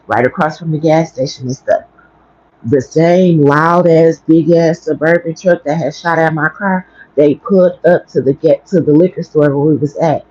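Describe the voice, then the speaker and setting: A woman's voice: deep voice, a little mellow, slightly rough, dry recording. Blunt, profane woman telling a story. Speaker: livestream host. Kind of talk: casual storytelling on a livestream. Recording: dry, dull lo-fi stream audio.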